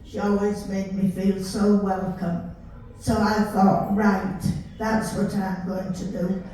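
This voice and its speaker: An older woman with a Yorkshire accent, chatting warmly as she tells stories from her life. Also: medium pitch, little pitch movement, slow pace. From Yorkshire, England. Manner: chatty, warm storytelling with laughs. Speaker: storyteller recalling her life. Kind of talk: casual reminiscing. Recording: roomy, distant mic with faint hiss.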